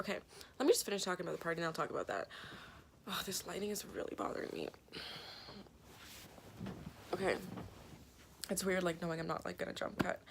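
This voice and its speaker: A Canadian vlogger in her twenties tells her camera a story in a rambling, casual way, packed with fillers and offhand swearing. Her mid-range voice is creaky, and the compact camera mic picks up slight background noise.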